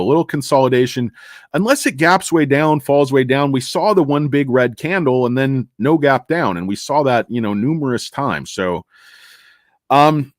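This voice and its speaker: A man's voice: mid-range voice, dry recording, studio quality. A man hosting a casual livestream about stocks, rambling and sarcastic as he reads and answers chat. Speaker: livestream host discussing stocks.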